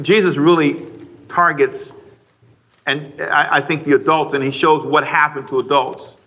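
A male radio preacher with a bright, fairly high voice delivers a sermon in a conversational style. He puts question after question to his listeners and now and then bursts out loudly, playing an impatient parent. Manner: mimics frustrated parents with sudden loud outbursts.

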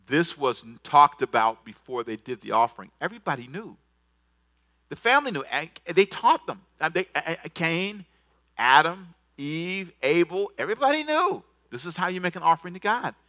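A man preaching a sermon, swinging from soft asides to loud bursts and acting out the scripture dialogue. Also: fairly high pitch, sing-song, normal speed. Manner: repeats words, acts out scripture dialogue. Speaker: pastor.

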